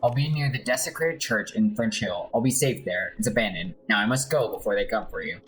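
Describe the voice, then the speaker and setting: A man's voice: fairly low pitch, fairly quick, a bit bright, faint music behind, lightly acted, poor audio. Man reading a frightened outcast, pleading and frantic, game voice. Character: desperate hunted man, pleading.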